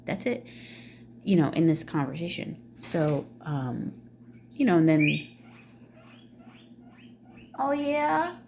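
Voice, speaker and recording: Blunt swearing woman with a low voice. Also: measured pace, dark tone, a little hiss or hum. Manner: blunt, swears freely, many fillers. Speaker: vlogger. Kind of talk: casual ranting monologue.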